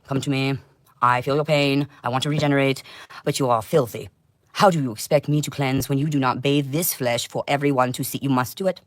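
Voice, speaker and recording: A woman delivering an intense, rambling livestream monologue, swinging between loud outbursts and low muttering. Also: dry recording. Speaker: livestream host.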